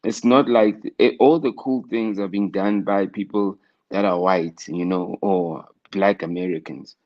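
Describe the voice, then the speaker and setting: A man's voice: sits low, fairly even intonation, measured pace. A South African man, a guest in an interview, reflecting at length in a rambling way with many fillers. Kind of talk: casual interview conversation. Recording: muffled lo-fi sound.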